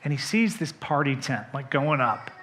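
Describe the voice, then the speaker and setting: A man's voice: medium pitch, moderate pace, a little hiss or hum. A male pastor preaching a sermon, telling the story with animation and asking the congregation direct questions. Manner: animated storytelling, acting out the characters' quoted lines.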